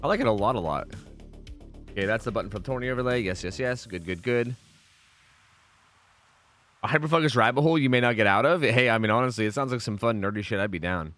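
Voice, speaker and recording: A man's voice: medium pitch, fast talker, long pauses, a bit bright, faint music behind. A man hosting a casual livestream who swears a lot, rambles, and keeps thanking subscribers.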